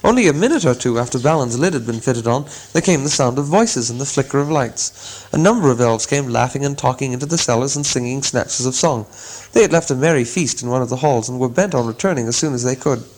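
Man narrating a storybook, measured. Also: medium pitch, animated, a little mellow, low-quality recording. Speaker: audiobook narrator. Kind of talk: scripted narration.

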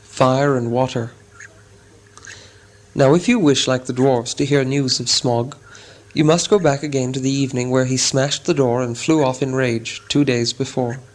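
A man reading a storybook chapter aloud as a narrator, in a measured, dramatic way. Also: mid-range voice, steady tone, rough recording. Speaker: audiobook narrator. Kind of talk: scripted narration.

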